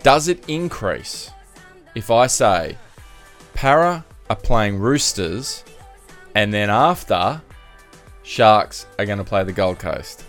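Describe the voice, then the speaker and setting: A man's voice: lowish voice, animated, takes it slowly, fairly bright tone, soft background music. A man with an Australian accent co-hosting a casual sports podcast, blunt and sweary as he rants. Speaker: podcast co-host.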